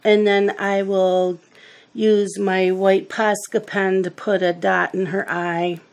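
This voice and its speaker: A woman's voice: mid-range voice, flat delivery, slow. A middle-aged woman hosting a coloring video, chatting casually and telling rambling family stories while she works. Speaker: coloring channel host.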